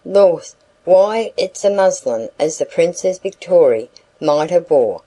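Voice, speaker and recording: A woman's voice: on the low side, lively intonation, takes it slowly, mellow, poor audio. A woman doing a wheedling country packman. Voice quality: broad country dialect. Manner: coaxing sales patter. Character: rustic male packman, wheedling and talkative.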